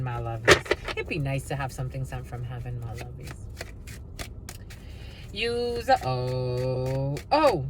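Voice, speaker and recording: Woman, tarot reader, casual monologue, profane and sing-song, lowish voice, faint traffic noise. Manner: blunt, profane, sing-song asides and mocking put-on voices.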